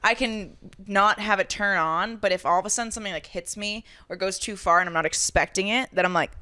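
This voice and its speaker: A woman's voice: medium pitch, brisk, sharp tone, dry recording. A woman co-hosting a podcast, talking frankly and raunchily in casual banter, laughing often. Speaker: podcast co-host.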